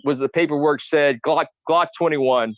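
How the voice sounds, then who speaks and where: A man's voice: on the high side, normal speed, no room sound, dull audio. A man, a guest on a talk show, telling his side of a dispute in a heated, profane way and often quoting what he said back then. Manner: profane, repeats himself, quotes his own past remarks.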